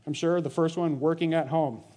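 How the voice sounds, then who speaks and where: Earnest preaching man, a bit high. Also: steady tone, fairly quick, warm tone. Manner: earnest, exhorting, with mocking quoted voices and short laughs. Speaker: pastor. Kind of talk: sermon.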